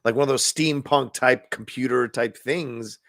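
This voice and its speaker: A man's voice: mid-range voice, a little slow, creaky, fairly bright tone, no echo, clean studio sound. A man co-hosting a podcast in casual chat, talking loosely, swearing now and then and trailing off in fillers. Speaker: podcast co-host.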